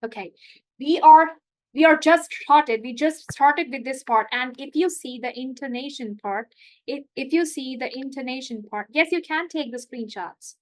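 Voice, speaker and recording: A woman's voice: high voice, moderate pace. A young adult woman tutor giving a live online English lesson, chatty and explanatory with many asides.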